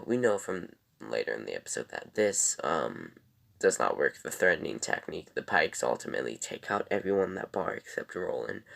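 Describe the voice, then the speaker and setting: Young male reviewer, deep and gravelly, animated delivery, loose and rambling. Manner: rambling and loose, many ums and self-corrections. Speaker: TV episode reviewer. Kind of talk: casual episode review.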